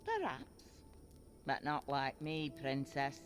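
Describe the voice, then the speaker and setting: A gruff old blind seer. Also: female voice, very deep voice, huge pitch swings, slow, soft background music, exaggerated voice. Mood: knowing. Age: older. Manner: blunt, wry and commanding. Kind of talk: game voice acting.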